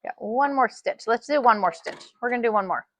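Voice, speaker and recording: A woman's voice: a little high, brisk. A woman teaching a live sewing tutorial, chatty and folksy, often saying "y'all.". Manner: chatty, says "y'all" a lot. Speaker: sewing instructor.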